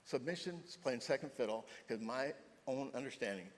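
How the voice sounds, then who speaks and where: A man's voice: medium pitch, moderate pace, slight background noise. Older man preaching in a reverberant church. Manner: animated storytelling, voice jumping up for emphasis. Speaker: pastor. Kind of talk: sermon. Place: church sanctuary. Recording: long hall reverb.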